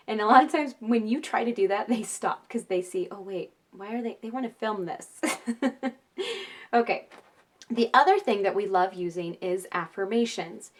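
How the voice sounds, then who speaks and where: A woman, a mother, talking casually to viewers with parenting advice, often checking in with "right?" and laughing. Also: fairly high pitch. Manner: chatty, with frequent tag questions and laughter.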